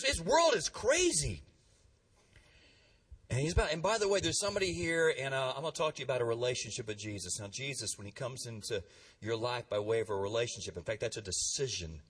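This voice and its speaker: A man preaching a sermon in a church, energetic and calling on the congregation to respond, heard from a distant mic. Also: high-pitched, breathy edge. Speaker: pastor.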